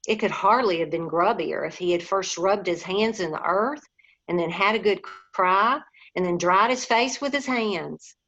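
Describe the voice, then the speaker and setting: A woman reading a storybook aloud, gently, sometimes talking to the listeners directly. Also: medium pitch, moderate pace. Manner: gentle, addresses listeners as guys. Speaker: reader. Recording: dull lo-fi recording.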